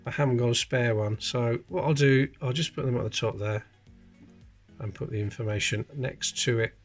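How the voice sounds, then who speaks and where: On his coin collecting channel, a man chats casually and explains details while handling coins, offering relaxed coin-sorting commentary. His voice is medium pitched at a normal speed, with soft music in the background.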